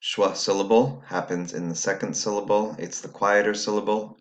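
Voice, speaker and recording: Deep-voiced patient male teacher. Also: fairly even intonation, normal speed. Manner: patient, step-by-step explaining to students at home. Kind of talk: recorded phonics lesson.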